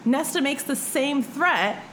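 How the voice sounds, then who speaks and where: A young adult woman hosting a podcast, chatting casually about a book, animated and full of swearing and "like". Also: high voice, takes it slowly, slight background noise, low-quality recording. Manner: animated, swears freely, lots of "like". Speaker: podcast host.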